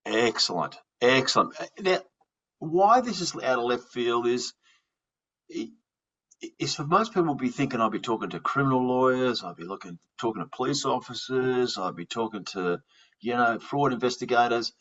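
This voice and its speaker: A man's voice: mid-range voice, expressive, normal speed, a bit bright. A man with an Australian accent, hosting a podcast and chatting casually, often restarting his words. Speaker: podcast host. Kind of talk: casual interview chat. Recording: dull lo-fi sound.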